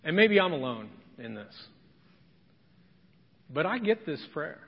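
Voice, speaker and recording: A man's voice: on the high side, very animated, unhurried, breathy edge. A man preaching a sermon as pastor, dramatic, acting out the voices of the people in his story. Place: church sanctuary. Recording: dull, long church reverb.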